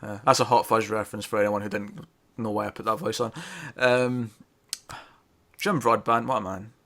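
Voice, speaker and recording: A man with a lowish, slightly bright voice speaks at a normal speed, his pitch barely moving. He's co-hosting a casual podcast chat reviewing TV, rambling, correcting himself, and laughing often.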